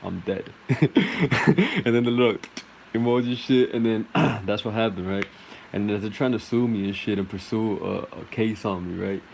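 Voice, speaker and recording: Comic storyteller: a man with a lowish voice, rambling and loose, faint air-conditioner hum behind. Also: normal speed, vocal fry, a little mellow, rough recording. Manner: rambling, full of fillers and laughs.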